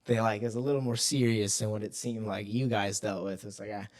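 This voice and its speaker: A man's voice: lowish voice, steady tone, brisk. Profane, rambling young man telling stories. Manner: loose, profane storytelling. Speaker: podcast co-host. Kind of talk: casual chat.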